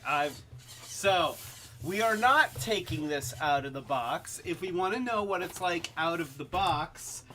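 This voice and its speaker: Slow, bright-voiced man hosting a toy stream. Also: fairly high pitch, slight background noise. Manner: rambling, halting, many restarts and fillers; refers to himself in the third person. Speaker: toy live stream host. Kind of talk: casual live-stream chat. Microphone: webcam.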